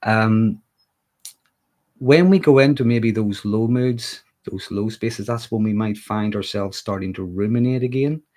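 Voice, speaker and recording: A man from Northern Ireland with a Northern Irish accent, talking casually on a livestream and often checking in with "okay?". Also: lowish voice. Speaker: mental health livestreamer.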